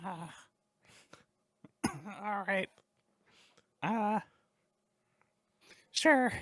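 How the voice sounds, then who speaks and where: A woman playing a tabletop game in character, unhurried and musing, often trailing off. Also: medium pitch, no echo. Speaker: player.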